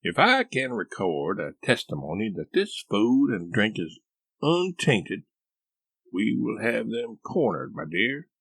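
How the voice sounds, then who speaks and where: A man's voice: mid-range voice, huge pitch swings, measured pace, vocal fry, fairly bright tone, no room sound, pitched above the performer's own voice, full character voice. A man voicing a paranoid, grandiose eccentric husband who talks in a pompous, grandiloquent way. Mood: grave.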